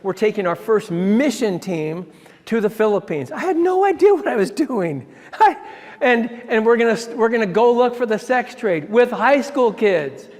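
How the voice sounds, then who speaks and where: A man, a ministry founder, telling a personal story in an excitable way, often restarting his sentences and chuckling. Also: sits high, normal speed. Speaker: ministry founder giving a talk. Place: church hall. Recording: long hall reverb.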